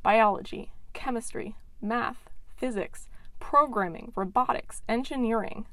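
A young adult woman hosting a science podcast, reading a scripted intro in a playful, excitable, self-mocking way. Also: on the high side, unhurried, no room sound. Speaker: podcast host.

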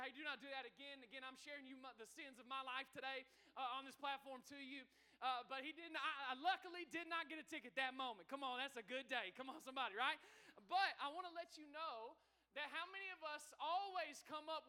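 A man preaches a sermon, his voice very high and piercingly bright. He rattles along at a quick clip and keeps calling out to the congregation for answers. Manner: energetic, calls out to the congregation for responses. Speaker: pastor. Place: church sanctuary.

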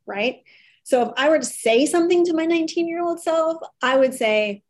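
Woman CEO guest, slightly high voice, candid and emphatic, casual interview. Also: lively intonation, moderate pace, darkish tone. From farming family. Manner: candid, emphatic, laughs easily.

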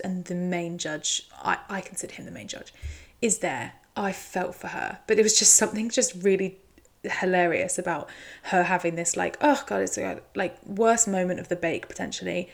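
A woman's voice: lowish voice, vocal fry. A woman giving a chatty, teasing recap commentary. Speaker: show recap host.

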